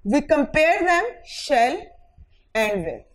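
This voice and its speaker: A woman's voice: high-pitched, very animated, slow pace, poor audio. A woman teaching English grammar in a recorded lecture, dictating example sentences word by word and checking in with "fine" between points, with a Pakistani English accent.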